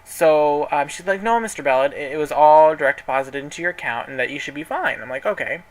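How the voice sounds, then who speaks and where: A man's voice: a little high, animated, quick pace, background noise. A man telling a story in a casual vlog, chatty and sassy, dramatically quoting people while folding clothes at home. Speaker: vlogger. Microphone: camera in front of him.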